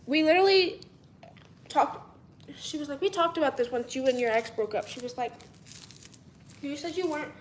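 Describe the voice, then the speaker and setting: A woman's voice: sits high, reverberant, slight background noise. A young woman telling a long story in a casual vlog, chatty and rambling, acting out what people said and sometimes dropping to a whisper. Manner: chatty and rambling, acts out quotes, drops to a whisper at times. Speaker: vlogger.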